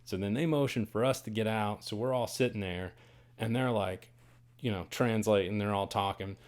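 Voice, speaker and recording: A man hosting a podcast, telling a story in a casual, animated and dramatic way. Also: on the low side, moderate pace. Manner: animated, dramatic, swings to loud bursts on quoted lines. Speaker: podcast host. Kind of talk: casual first-person storytelling.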